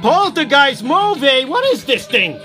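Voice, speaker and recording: A man talks fast and loosely to his live-stream viewers, rambling from item to item. His voice is strikingly high and very bright, and he tends to yell. Music plays quietly behind him. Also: sing-song. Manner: loud, rambling, talks to viewers while showing items. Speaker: livestream seller of collectibles. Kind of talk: casual live-stream chat. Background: background music.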